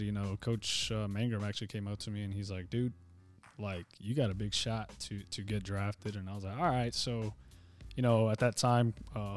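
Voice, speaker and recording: A young man, a former pitcher, telling his story as a podcast guest in a laid-back, casual way, often saying "man" and "you know". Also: darkish tone. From Nogales.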